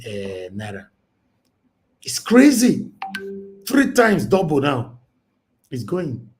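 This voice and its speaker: A man with a Nigerian accent hosting a casual news reaction stream, animated and mixing Pidgin with English, often asking "Eh?". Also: mid-range voice. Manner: animated, switches between Pidgin and English, exclaims "Eh?". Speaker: news commentary host.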